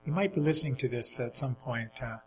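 A man's voice: mid-range voice, expressive, fairly quick, a bit bright, faint music behind, low-quality recording. A man chatting casually, telling rambling anecdotes with easy laughter. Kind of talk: casual chat, storytelling.

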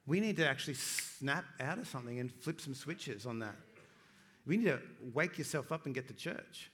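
A male pastor preaching a sermon in a conversational way, with quick asides to his congregation. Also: medium pitch, lively intonation, a bit bright.

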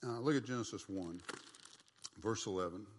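Folksy low-voiced man teaching Bible study. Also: big-room sound, a little hiss or hum. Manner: folksy, animated, quick asides and mock voices.

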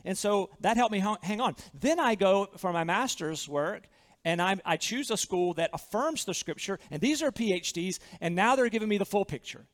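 A man's voice: sits high, lively intonation, normal speed, in a large hall. A man with a Southern accent preaching a sermon as pastor, earnest and emphatic, often repeating his phrases.

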